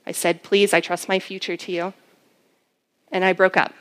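A woman's voice: lowish voice, level tone, normal speed. A young woman giving a personal testimony sermon as a campus minister, telling her story earnestly with many fillers.

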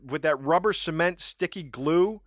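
A man co-hosting a podcast, chatting casually and telling stories with animated, self-mocking asides. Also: on the high side, normal speed, dry recording, studio quality. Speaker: podcast co-host. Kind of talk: casual chat.

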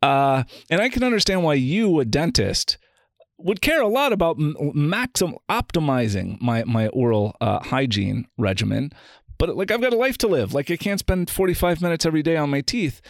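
A man's voice: fairly high pitch, moderate pace, creaky, no echo, clean studio sound. A man, a philosophy guest on a podcast interview, talking casually and acting out the dialogue in his anecdotes. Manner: animated storyteller, acts out quoted dialogue.

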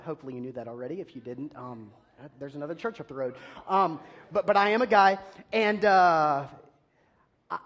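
A man preaching a sermon, telling an animated, self-deprecating story about himself. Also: a little high.

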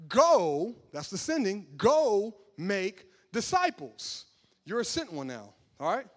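Man, high voice, sermon, conversational, emphatic shouting. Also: big pitch swings, takes it slowly. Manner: conversational, building to loud emphatic preaching. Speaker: preacher.

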